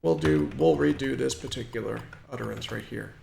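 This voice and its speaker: In a screen-recorded walkthrough, a hobbyist programmer explains a computer tutorial a bit quickly in a creaky, mid-range voice. Heavy background noise accompanies his step-by-step talk, which is full of fillers and false starts.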